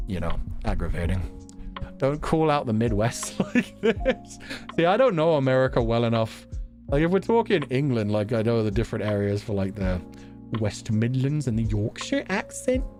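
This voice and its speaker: Animated, laughing male streamer. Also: medium pitch. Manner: animated, laughs often, jokey. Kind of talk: casual livestream chat.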